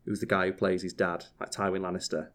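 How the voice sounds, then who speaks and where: A man from Yorkshire co-hosting a podcast, talking casually but slowing down and over-pronouncing his words. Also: low voice, flat delivery, a bit bright. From Yorkshire, England. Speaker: podcast co-host.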